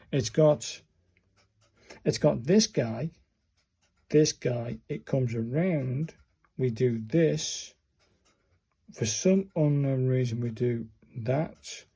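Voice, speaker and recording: Middle-aged man vlogging, slow and mellow, a bit husky, exasperated chatty delivery. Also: medium pitch, animated. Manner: chatty, exasperated, talks to viewers while searching cards. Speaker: vlogger learning calligraphy. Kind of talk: casual self-recorded tutorial.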